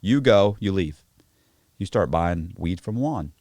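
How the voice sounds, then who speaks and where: Brief: low-pitched man, very lively delivery, profane storyteller on a podcast, dry close mic. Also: slow pace, no echo. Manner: animated, profane, acts out voices in stories. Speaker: podcast guest. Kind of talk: casual storytelling chat. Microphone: podcast studio mic.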